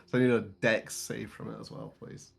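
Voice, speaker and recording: A man's voice: medium pitch, level tone, fairly quick, gravelly. A man playing a tabletop game, describing his character's actions. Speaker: player.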